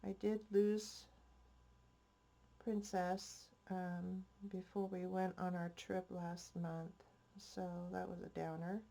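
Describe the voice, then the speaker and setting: A woman's voice: lowish voice, level tone, takes it slowly, creaky, dark tone. An older woman hosting a crafting vlog, chatting in a rambling, homespun way, a bit stuffy-nosed. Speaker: crafting channel host. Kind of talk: casual crafting vlog chat.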